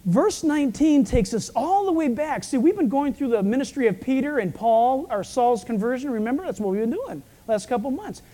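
Croaky, mellow-voiced male preacher. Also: extremely high pitch, lively intonation, fairly quick, few pauses. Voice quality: croaky, frog-like voice. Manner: storytelling preacher with self-deprecating asides. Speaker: pastor. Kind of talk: sermon.

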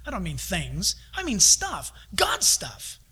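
A middle-aged male pastor preaching a lively sermon, acting out the voices of God and his kids as he talks. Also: high-pitched, slow, slightly rough.

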